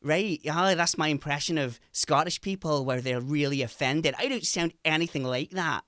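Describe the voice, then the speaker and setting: Brief: male streamer host, lively and jokey, slightly high, dry home mic. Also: normal speed, no echo. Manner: animated, jokey. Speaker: podcast host. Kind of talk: casual livestream chat.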